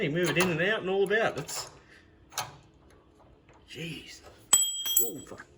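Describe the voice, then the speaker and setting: Joking Australian bloke in a garage. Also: male voice, on the high side, a bit bright, a little hiss or hum. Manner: joking, rambling, swears casually. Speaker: car builder walking through his build. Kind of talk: casual workshop walkthrough.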